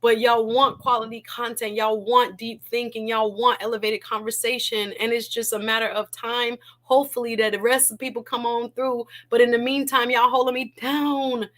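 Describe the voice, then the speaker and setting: A woman's voice: fairly high pitch, level tone, moderate pace, hardly any pauses. A woman hosting a casual livestream, talking emotionally, laughing often and repeating her words. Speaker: livestream host.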